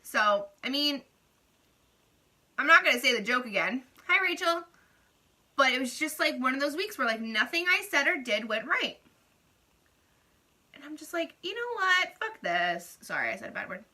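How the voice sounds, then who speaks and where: Bright, high-voiced chatty young woman. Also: normal speed, long pauses. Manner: chatty, animated, fillers of "like". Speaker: beauty vlogger. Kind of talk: casual venting vlog.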